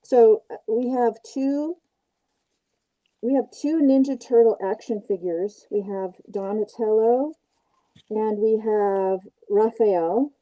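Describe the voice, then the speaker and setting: A woman's voice: on the high side, takes it slowly, warm tone, low-quality recording. An older woman hosting a crafting livestream, chatting casually and self-deprecatingly as she works on a puppet. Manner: chatty, self-deprecating, narrates her work as she goes. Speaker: puppet maker and livestream host. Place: porch outdoors, then home workshop.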